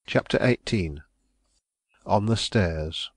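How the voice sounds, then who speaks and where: A man narrating a novel in a measured, solemn manner. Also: low-pitched, fairly even intonation, no echo. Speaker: audiobook narrator. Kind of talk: scripted audiobook narration.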